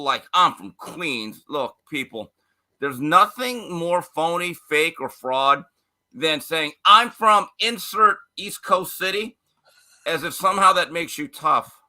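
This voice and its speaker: Bright, emphatic male sports commentator. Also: on the high side, sing-song, normal speed. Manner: opinionated, emphatic, mocking impressions. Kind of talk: casual sports talk.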